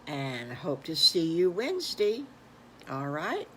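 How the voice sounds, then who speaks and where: An older woman, a grandmother, improvising a children's story in a gentle, folksy, unhurried way. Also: low-pitched, sing-song, a little hiss or hum, rough recording.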